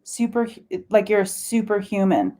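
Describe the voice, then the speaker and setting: A woman leading a guided spiritual meditation, talking slowly and soothingly, with sighs and chanted syllables between her words. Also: mid-range voice, very animated, mellow.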